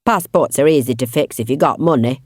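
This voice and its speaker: A woman voicing a creepy middle-aged male investigator with a blunt, gruff Yorkshire accent. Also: a bass voice, a little fast, darkish tone, dry recording, clean studio sound. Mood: blunt, menacing.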